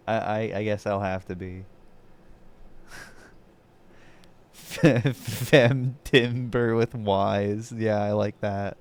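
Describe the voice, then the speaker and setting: A man's voice: lowish voice, steady tone, very slow, long pauses, a little mellow, clean tone. A man streaming and reacting in a casual chat, joking around, playing with words and laughing often. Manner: jokey, laughs often, trails into wordplay.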